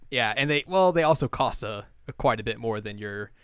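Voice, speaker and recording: A man co-hosting a chatty podcast, with a smooth, clear voice recorded dry and close on the mic. He jokes and laughs often and fills his talk with "like" and "you know". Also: mid-range voice, lively intonation, brisk, a bit bright, dry recording. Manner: jokey, laughs often, many fillers. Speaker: podcast co-host. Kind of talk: casual chat.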